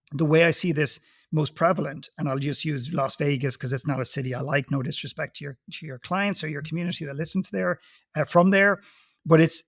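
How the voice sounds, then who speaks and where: A man's voice: a little high, vocal fry, no echo, studio quality. A man speaking as a guest coach on a podcast, talking emphatically and telling stories with acted-out quotes. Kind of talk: conversational podcast interview.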